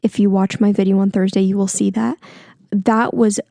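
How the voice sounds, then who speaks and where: A woman's voice: medium pitch, little pitch movement, normal speed, creaky, dark tone, no room sound. A young woman in her twenties hosting a casual solo podcast, chatty and rambling, sometimes getting heated and swearing, close on the mic. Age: 20s. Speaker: podcast host.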